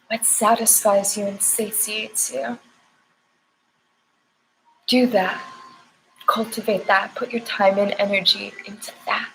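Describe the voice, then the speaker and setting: A woman's voice: mid-range voice, gravelly, a bit bright, slight background noise, poor audio. A young woman giving a spiritual oracle card reading, speaking tenderly with affirmations and sounding close to tears.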